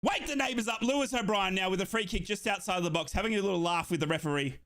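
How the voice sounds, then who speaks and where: Young male fan streamer, high bright voice, yelling and breathless, live match watchalong commentary. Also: fast, slight background noise. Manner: shouting, euphoric, breathless bursts.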